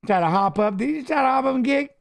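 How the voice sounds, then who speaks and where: A middle-aged man hosting a fight watch-along, chatting casually and coaching the fighters aloud with excited calls. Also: extremely high pitch, fast talker, vocal fry. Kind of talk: casual live fight commentary.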